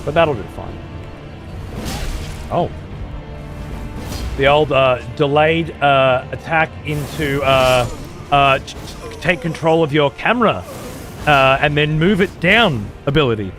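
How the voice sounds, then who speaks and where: Animated, foul-mouthed male game streamer. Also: on the high side, slow pace, long pauses, soft background music. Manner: profane, ranting at chat. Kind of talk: live gameplay commentary.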